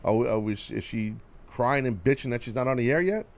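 A male radio host with a gravelly voice and lively, swooping pitch. He is loud and teasing, keeps up a steady stream of casual studio banter, and talks right over his callers. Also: brisk.

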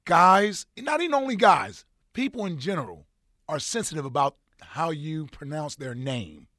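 A man's voice: a little high, animated, moderate pace, sharp tone, no echo, clean studio sound. A man co-hosting a sports radio show, chatting casually and laughing along with the others.

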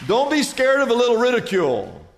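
A male pastor with a high voice delivers an animated sermon, rising loud and dropping to a hush as he tells his stories. His voice rings with a long reverb, as if from a large church hall. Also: a little fast, gravelly, a little hiss or hum. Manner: animated storytelling with wide swings in pitch and volume.

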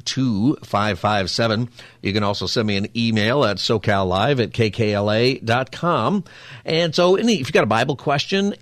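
Fast-talking, low-voiced male radio host. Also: no echo. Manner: fast-talking, chatty, jokey asides. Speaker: radio talk show host. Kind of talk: casual radio talk. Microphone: studio microphone.

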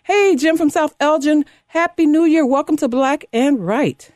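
A woman in her fifties hosting a talk radio show, delivering a fired-up, sarcastic monologue that climbs high when she gets indignant. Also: unhurried, a little mellow, no room sound, clean studio sound. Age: 50s. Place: radio studio. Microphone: studio microphone.

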